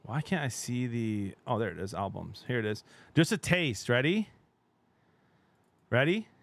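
A middle-aged man streaming games, chatting casually with his viewers. He talks in a chatty, excitable way, laughs often and trails off mid-sentence. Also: medium pitch, unhurried, vocal fry. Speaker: game streamer. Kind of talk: casual live-stream chat.

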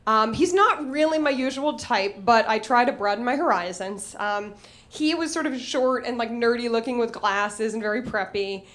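Animated self-mocking woman storyteller, high voice. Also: moderate pace. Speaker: stand-up comedian. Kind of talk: live comedic storytelling.

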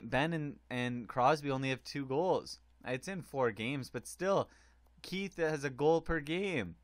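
Man, gaming commentator, excitable and rambling, smooth dry close voice. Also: mid-range voice, no echo. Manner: excitable, rambling, with frequent fillers. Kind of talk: casual hockey game commentary.

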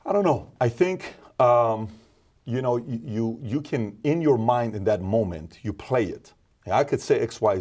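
A man talking as an interview guest, emphatic and preachy, dropping from loud to low. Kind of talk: casual interview talk.

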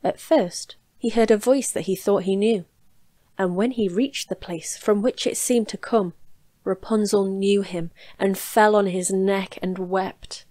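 A woman reads a fairy tale aloud in a calm, measured way, her voice sitting at a middle pitch. The recording is dry and close, made in a small home studio. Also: no room sound. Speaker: storyteller.

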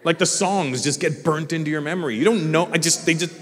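A man doing a stand-up routine, telling a story with swearing and acting out other people in squeaky voices. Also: brisk. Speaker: stand-up comedian. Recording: live theatre with long reverb.

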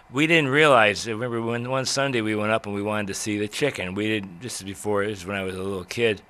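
An older man, a radio veteran, telling old stories in a rambling way with many pauses and restarts. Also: on the low side, a bit bright. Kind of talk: reminiscing talk.

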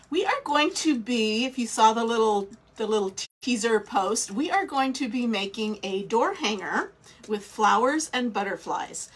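Woman craft livestream host with a stuffy nose and a slightly high voice, slow, chatty and welcoming. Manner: chatty, welcoming, thinks aloud. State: scratchy throat, stuffy nose. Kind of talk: casual live craft demo chat. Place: small indoor craft studio.

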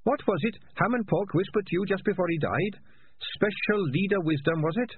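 A man's voice: high-pitched, fairly quick, a little hiss or hum, voice pushed up. A man voicing a meek, eager young male rat soldier who defers to his leader. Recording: lo-fi phone-like sound.

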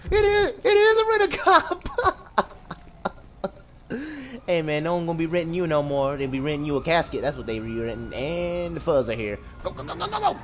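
A young man giving excitable, jokey commentary on a driving game, laughing and shouting often. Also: fairly high pitch, normal speed, long pauses, slight background noise. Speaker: gameplay commentator. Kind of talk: live let's-play commentary. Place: home room.

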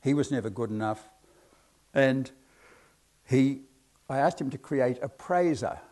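A man's voice: mid-range voice, a little slow, darkish tone. A man giving a hypnotherapy talk to an audience, telling chatty, self-deprecating stories about his cases. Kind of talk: anecdotal lecture to an audience.

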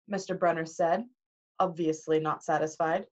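A woman's voice: on the low side, normal speed. A woman reading a novel aloud, muffled. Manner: expressive, animated reading. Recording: dull lo-fi recording.

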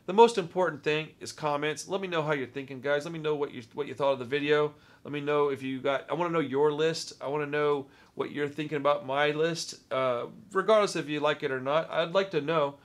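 A man's voice: a little high, a little fast. A man with a Texan accent hosting a casual movie-ranking vlog, talking with rambling enthusiasm and often repeating words. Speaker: movie review vlogger.

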